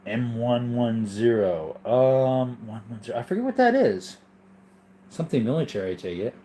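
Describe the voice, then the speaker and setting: A medium-pitched, sing-song male voice with a dark tone moves at a moderate pace, and there's a faint hiss or hum. He reads chat on his casual livestream and replies easygoingly, rambling with lots of ums and asides while yawning and sleepy.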